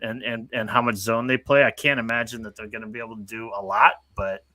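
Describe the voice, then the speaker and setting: A man co-hosting a casual fan show, joking in a dry way and talking haltingly with fillers. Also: medium pitch, fairly even intonation, sharp tone, dry recording. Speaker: co-host.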